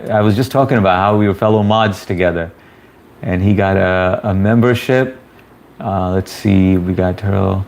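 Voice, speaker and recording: A man hosting a casual livestream, reading viewer comments aloud and greeting people by name in a laid-back, chummy way. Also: fairly low pitch. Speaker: livestream host.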